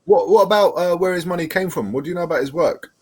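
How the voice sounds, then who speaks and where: A man playing a tabletop role-playing game, asking brisk, direct questions as his character. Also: sits high, darkish tone, husky. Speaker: player.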